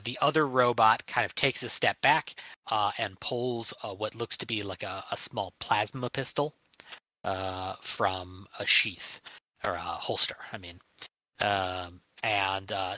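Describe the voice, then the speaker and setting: A man's voice: on the low side, sharp tone, dry recording, low-quality recording. A man narrating a tabletop game as game master, rambling with lots of fillers. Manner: rambling, full of uhs and likes.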